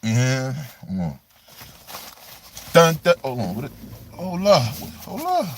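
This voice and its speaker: A man's voice: medium pitch, sing-song, unhurried, poor audio. A young man vlogging outdoors in a snowstorm, talking in a rambling, slangy, joking way with lots of filler. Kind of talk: casual outdoor vlog. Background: clear wind and outdoor noise.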